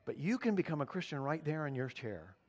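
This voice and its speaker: Man, pastor, earnest sermon delivery, slightly high voice, slows for emphasis. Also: big pitch swings.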